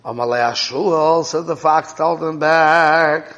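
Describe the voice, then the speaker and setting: Speaking slowly with hardly any pauses, this man has a higher, fairly bright voice captured in lo-fi sound within a reverberant hall. He's teaching a Torah class, unpacking a parable and checking in with listeners through frequent "right?" and "okay?"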